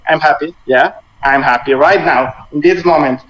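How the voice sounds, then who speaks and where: A man with a Latin American Spanish accent, teaching a language class online, explaining grammar slowly and patiently in simple English. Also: on the high side, a bit bright. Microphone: video call. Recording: muffled video-call audio with faint noise.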